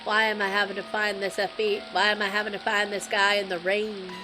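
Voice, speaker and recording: A woman's voice: mid-range voice, level tone, fairly quick, music in the background, low-quality recording. A young woman streaming a game, chatting wryly to her viewers. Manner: chatty, wry asides to viewers. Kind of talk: casual gameplay commentary.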